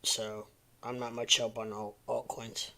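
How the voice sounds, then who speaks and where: A man chats loosely through a live stream, drifting between quiet mumbles to himself and livelier greetings to his viewers. His pitch sits in an ordinary middle range, and his talk is unhurried and meandering. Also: little pitch movement, gravelly. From American Midwest. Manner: rambling, muttering to himself between chatting to viewers. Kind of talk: casual live-stream chat.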